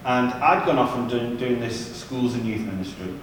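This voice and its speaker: Speaking at a seminar, this youth ministry leader spins humorous, chatty stories full of asides at a moderate pace. His voice is mid-pitched, and the mic sits far from him in a big, reverberant church hall with slight background noise.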